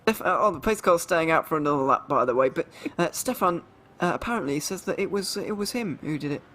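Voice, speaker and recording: A male race commentator calls the action on a live stream in a slightly high voice. He talks chattily and often breaks off mid-thought to restart. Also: expressive, fast talker, fairly bright tone.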